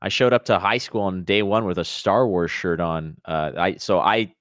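A man from Quebec in his thirties doing playful, excitable play-by-play of a card game. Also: deep voice, normal speed, dry recording, studio quality. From Quebec, Canada. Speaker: commentator.

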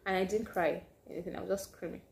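A woman chatting to her camera in a casual vlog. Her voice sits a little low and sounds mellow and warm. She tells her story with lively swings, now and then sinking into a hushed aside. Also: fast, creaky, slight background noise. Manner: animated, drops to hushed asides. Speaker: vlogger.

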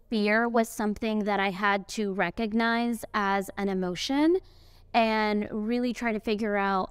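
A woman's voice: medium pitch, smooth, no echo, clean studio sound. A young woman speaking on a panel at an event, chatting casually with lots of fillers and asides. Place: event venue indoors.

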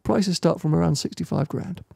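A man co-hosting a casual car podcast, enthusiastic and quick to laugh. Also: fairly high pitch, vocal fry, mellow, breathy edge, dry recording, studio quality. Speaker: podcast co-host. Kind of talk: casual chat.

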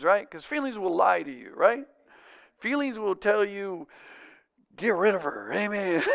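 A male pastor preaching a sermon, calling out for amens and swinging from loud, urgent bursts to hushed, quiet lines. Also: very high-pitched, clear, resonant tone. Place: church sanctuary.

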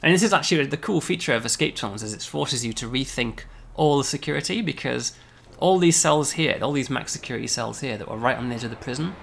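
A man, a game developer, casually explaining a game demo, often pausing on "um" and checking with "right?". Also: mid-range voice, lively intonation, gravelly, a bit bright, a little hiss or hum.

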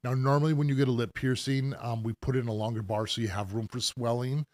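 A middle-aged man at a mid pitch, talking shop about piercings on a casual live stream. He explains things loosely and patiently, with fillers and restarts as he goes. The sound is dry and close, with almost no room. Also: fairly even intonation, fast talker, darkish tone, no echo. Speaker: professional piercer hosting a live Q&A.

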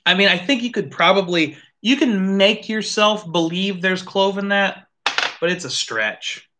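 A host casually chatting through a live whiskey tasting, animated, thinking aloud and swearing now and then. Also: mid-range voice, a little slow.

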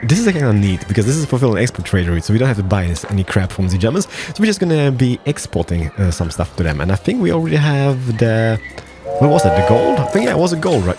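A man hosting a gameplay video, commentating casually in a playful, excitable way with jokey asides. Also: lowish voice, fairly quick, vocal fry, soft background music.

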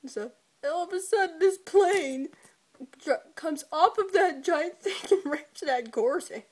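A woman's voice: extremely high pitch, animated, a little slow. A woman giving a casual, joking episode recap, irreverent and giggly, swearing often and breaking into laughter. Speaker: video reviewer.

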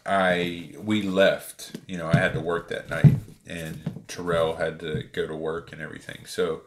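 Very deep-voiced man telling a story. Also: measured pace, a little hiss or hum. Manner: animated retelling with many fillers. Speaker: sneaker reviewer. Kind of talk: casual storytelling.

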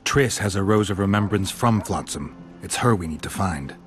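Deep-voiced grim monster hunter, terse and dry. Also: male voice, animated, normal speed, soft background music.

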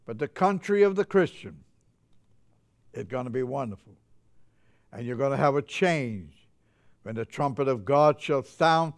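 A man's voice: mid-range voice, animated, measured pace, long pauses. An older man preaching a sermon in a chapel, fervent and getting carried away with joy.

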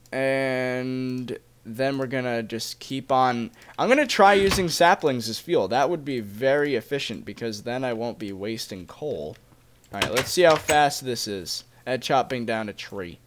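Excitable young man narrating gameplay. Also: mid-range voice, slight background noise. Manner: chatty, excitable, talks to viewers. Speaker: Let's Play gamer. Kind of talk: casual gameplay commentary.

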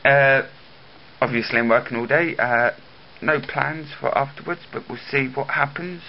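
A man vlogging in a casual, jokey way, swinging from mumbled asides to loud excited bursts, on dull lo-fi camera audio with faint hiss. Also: medium pitch, normal speed, gravelly. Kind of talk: casual vlog.

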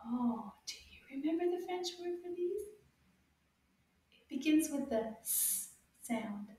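A woman teaching children French words, encouraging them and repeating each word slowly with sound clues. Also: high voice, lively intonation, warm tone, recorded from a distance. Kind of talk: slow, drawn-out teaching for kids. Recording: very echoey room, a bit off-mic.

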